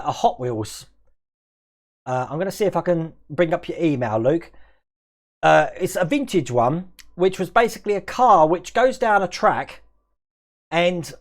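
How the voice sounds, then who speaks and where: A man hosting a scale modelling livestream, chatting casually and rambling as he reads out viewers' comments and answers them. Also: fairly high pitch.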